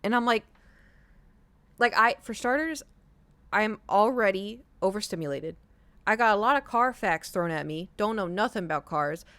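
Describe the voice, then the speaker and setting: Rambling woman streamer, smooth voice. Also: medium pitch, lively intonation, normal speed, long pauses, fairly bright tone, dry recording. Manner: rambling, many fillers and self-interruptions. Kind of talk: casual storytelling to chat.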